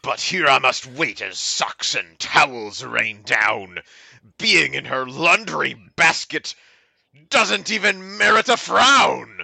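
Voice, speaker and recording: Gravelly man reading with mock solemnity. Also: fairly high pitch, lively intonation, slow pace, sharp tone, dry recording. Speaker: podcast co-host reading poems. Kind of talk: comic dramatic poetry reading.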